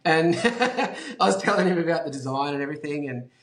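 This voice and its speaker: A man with an Australian accent, a guest telling a story in a casual, animated way, swearing freely and saying "like" and "um" a lot. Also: on the high side, fairly quick, reverberant. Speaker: guest, brand founder.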